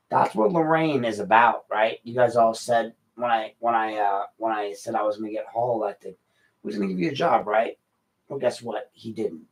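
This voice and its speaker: A man's voice: mid-range voice, rough recording. A middle-aged man, hosting an unscripted late-night podcast and talking bluntly in a frustrated rant. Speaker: podcast host.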